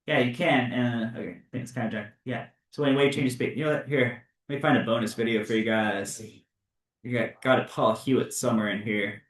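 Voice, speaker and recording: A male high school physics teacher lecturing his class casually, with lots of fillers and checks of "right?". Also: fairly even intonation, brisk. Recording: roomy classroom, mic far off.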